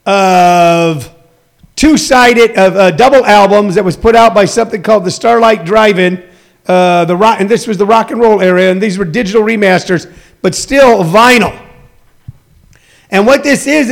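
A man's voice: high voice, vocal fry. A man in his sixties, a comedian hosting a rambling casual livestream, reading viewer comments and plugging shows. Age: 60s. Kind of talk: casual chat. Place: home.

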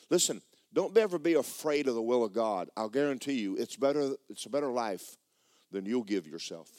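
This sermon comes from a male pastor who tells a personal story with emotion, addresses the congregation head-on, and repeats himself a lot. He has a medium pitch, lively intonation, and a darkish tone, talking a little fast in a dry, clean studio recording.

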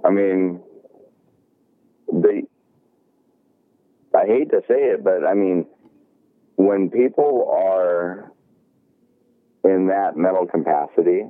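A golf shop worker with a low voice speaks slowly, pausing often, over a dry, tinny, phone-like recording with no room sound. He casually retells a work story with animation, acting out the dialogue and swearing freely.

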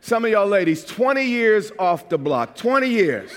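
High-pitched preacher guy from new york, fired up sermon, big reverb in the church. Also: normal speed, few pauses, a faint crowd, a little hiss or hum. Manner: animated preaching, rising to shouts. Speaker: pastor.

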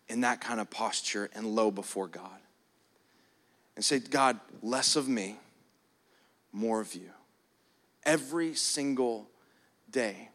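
A man preaching a sermon, shifting between quiet prayerful passages and loud emphatic stretches. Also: medium pitch. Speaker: pastor.

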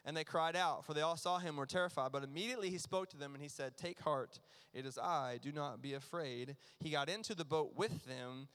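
A man preaching a sermon as pastor, earnest and emphatic, sometimes dropping to a near hush. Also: a little high, brisk, smooth. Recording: long reverb of a large hall.

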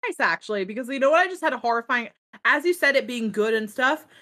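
Lively, bright-voiced woman podcaster. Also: a little high, quick pace. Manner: animated, rambling, swears freely. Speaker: podcast co-host. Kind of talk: casual chat.

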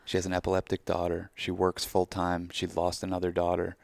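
A man's voice: sits low, monotone, a little fast, vocal fry, darkish tone, no room sound. A man co-hosting a podcast, talking in a reflective, candid way and swearing casually. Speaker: podcast co-host. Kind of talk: casual chat.

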